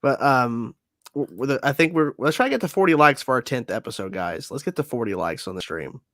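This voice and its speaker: A man's voice: medium pitch, sing-song, a little fast, fairly bright tone, no echo, studio quality. A man hosting a casual livestream chat, hesitant and unsure, often trailing off with "I don't know.". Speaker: host.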